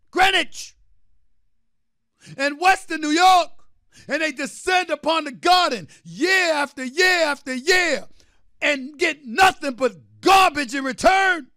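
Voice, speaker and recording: A man hosting a sports debate show, delivering a theatrical, emphatic rant, often shouting and repeating phrases for effect. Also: very high voice, dry recording, studio quality. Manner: drawn-out repetition for effect. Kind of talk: impassioned sports talk rant.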